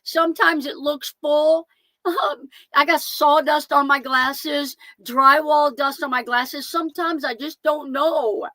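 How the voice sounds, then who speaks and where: A woman's voice: sits high, steady tone, slow, bright, forceful tone, no room sound. A middle-aged woman hosting a live stream, chatting casually and greeting viewers one by one by name, often saying things twice. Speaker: van life channel host.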